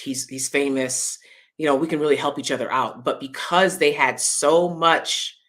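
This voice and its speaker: A woman talks straight to her audience in loose, casual commentary. Her voice sits on the lower side and has a bright, forceful edge. She is chatty and expressive and breaks into laughter often. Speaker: vlogger host.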